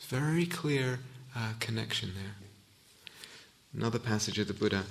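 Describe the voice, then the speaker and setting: Gravelly, bright-voiced male meditation teacher. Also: on the low side. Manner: reflective, unhurried, with restarts and searching for words. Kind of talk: Dharma talk. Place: meditation hall.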